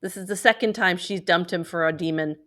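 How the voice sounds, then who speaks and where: A woman's voice: on the low side, fairly quick, a bit bright. A woman co-hosting a podcast, recapping an episode in casual chat, laughing often and full of fillers. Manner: giggly, lots of fillers. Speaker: podcast co-host. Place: home, on a video call.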